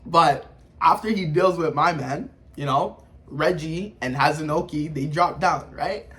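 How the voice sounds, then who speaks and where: A man giving casual anime review commentary, animated and slangy, full of sound effects. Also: a little high, a little slow.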